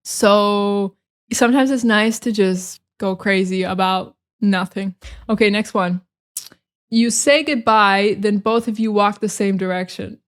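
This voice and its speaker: A young American woman hosting a casual solo podcast, sarcastic and expressive, slipping into dramatic mock rants. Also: medium pitch, unhurried. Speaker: podcast host.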